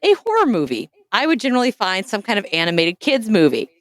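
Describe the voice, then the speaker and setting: A woman hosting a casual podcast, telling stories with animated, self-mocking energy. Her pitch leaps and falls with the story. She sits close to a dry, dead-sounding mic. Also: fast talker, dry recording. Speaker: podcast host.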